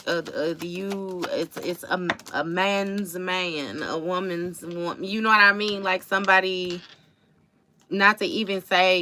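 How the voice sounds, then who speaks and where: A woman's voice: lowish voice, background noise. A woman doing a casual tarot reading livestream, blunt and profane, often repeating herself for emphasis and calling listeners baby. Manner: emphatic repetition. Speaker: tarot reader.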